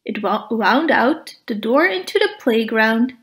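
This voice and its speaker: Slow, high-voiced woman reading aloud. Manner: slow, expressive storytelling for preschoolers. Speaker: storybook reader. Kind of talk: children's read-aloud narration.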